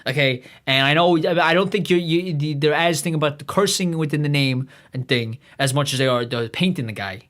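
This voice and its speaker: A man's voice: on the high side, brisk, hardly any pauses, fairly bright tone. A man hosting a livestream, rambling through a profane monologue full of restarts and asides. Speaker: livestream host.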